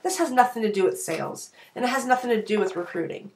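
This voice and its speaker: A woman's voice: a little high, lively intonation, quick pace, darkish tone. A woman in her forties with a northern US accent and a light Southern drawl, chatting to camera in a rambling, talkative way as a direct sales beauty consultant. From northern United States. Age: 40s. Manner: chatty and rambling, wanders between points. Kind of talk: casual to-camera vlog chat.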